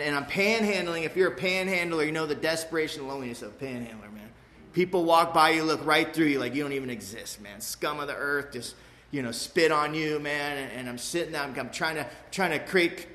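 Man with a slightly high voice, frank and street-casual, giving a recovery testimony to an audience, echoey room. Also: sharp tone. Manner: frank and streetwise, tags lines with "man" and "you know"; emphatic, with quick repeats and restarts. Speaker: speaker sharing his recovery story. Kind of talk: personal testimony talk to a live audience.

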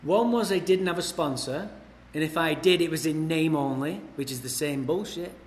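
Englishman, blunt wry storyteller at a recovery meeting, slightly high voice, echoey hall with long reverb. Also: normal speed. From England. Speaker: recovery speaker. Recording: echoey hall, faint ambience.

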